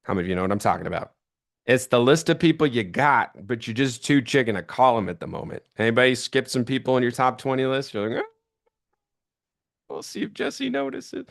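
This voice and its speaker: Energetic man giving sales training. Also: medium pitch, fast talker. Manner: energetic, chatty, acts out quoted phone calls. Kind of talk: training talk with acted-out stories.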